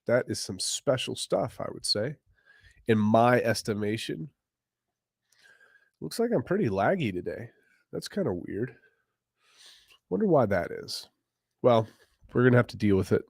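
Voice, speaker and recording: A man hosting a casual crypto livestream, greeting viewers by name in loose slang and often clearing his throat. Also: mid-range voice, a little mellow, dry recording, clean studio sound. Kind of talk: casual livestream chat, reading viewer comments.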